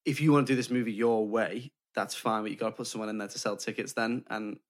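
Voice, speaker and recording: A man's voice: lowish voice, fairly even intonation, fast talker. A man co-hosting a podcast, talking through films in a thoughtful, list-building way. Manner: thoughtful, builds points in lists. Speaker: podcast co-host. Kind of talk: casual film discussion.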